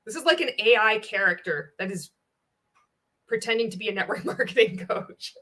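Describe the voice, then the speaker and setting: A woman's voice: medium pitch, normal speed, sharp tone. Blunt sarcastic woman reacting. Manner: blunt, sarcastic, swears a lot. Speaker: reaction video host.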